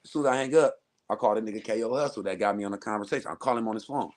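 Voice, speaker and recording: A man from Southern California, a guest telling a story in a casual, profane, animated way and acting out other people's voices. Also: lowish voice, rapid-fire. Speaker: interview guest.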